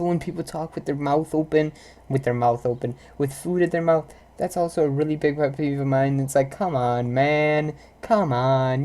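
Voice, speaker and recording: A woman's voice: extremely low pitch, warm tone. A young woman vlogger ranting live about pet peeves, exasperated and rambling, full of "like" and "if you know what I'm saying". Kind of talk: live casual rant to viewers.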